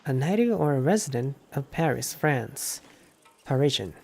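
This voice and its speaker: A man, a Japanese native speaker, streaming a game and slowly reading English lines aloud, repeating words and looking them up. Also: medium pitch, animated, vocal fry, darkish tone.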